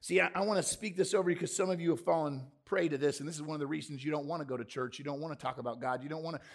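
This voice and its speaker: Gravelly high-voiced preacher. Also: male voice, steady tone, racing. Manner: punchy, rhetorical questions, jokey asides. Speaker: pastor. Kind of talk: lively sermon to a live congregation. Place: church before a congregation.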